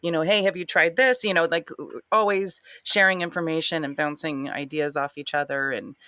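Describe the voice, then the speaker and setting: A woman's voice: sits low, steady tone, normal speed, bright, forceful tone, no room sound, studio quality. A woman who works as a makeup designer, speaking frankly as a guest in a casual podcast interview.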